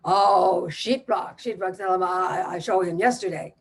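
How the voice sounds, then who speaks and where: A woman's voice: lowish voice, measured pace, a little hiss or hum. A woman voicing her deaf father, who talks in short, broken, clipped phrases. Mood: urgent. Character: gruff deaf older father, blunt broken speech.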